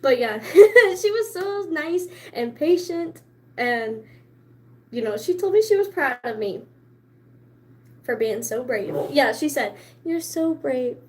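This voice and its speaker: A woman vlogger chatting casually to camera, excitable and chatty, laughing often between stories. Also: sits high, slow, pauses often, a little hiss or hum.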